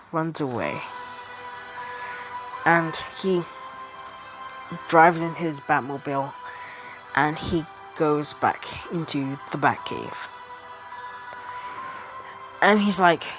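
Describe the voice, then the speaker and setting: Woman rambling through a made-up story, slow talker, faint music behind. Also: low-pitched. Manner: rambling, strings events with "and he's like". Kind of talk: casual made-up story retelling.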